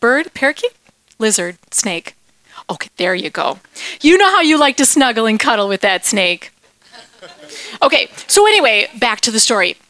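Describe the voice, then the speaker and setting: Animated woman teaching children a Bible lesson. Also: on the high side, normal speed, long pauses, no echo. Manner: animated, playful, questions the kids.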